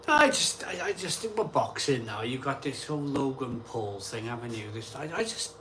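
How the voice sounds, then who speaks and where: A man's voice: mid-range voice, very animated, moderate pace, fairly bright tone, slight background noise. Chatty man hosting a live stream. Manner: chatty, reads out comments and replies offhand. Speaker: live stream host reading viewer comments. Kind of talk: casual live chat.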